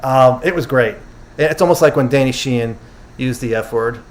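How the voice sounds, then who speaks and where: A man's voice: medium pitch, moderate pace. A man hosting a casual livestream, recapping a conference and taking questions from his audience. He loosely paraphrases what speakers said and often corrects himself. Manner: chatty, quotes speakers loosely, self-correcting. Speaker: host summarizing a conference.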